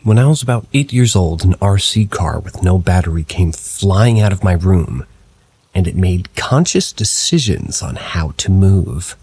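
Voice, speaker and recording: Very deep, husky male storyteller. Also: animated, measured pace, darkish tone. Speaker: narrator of reader-submitted paranormal stories. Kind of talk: scripted narration.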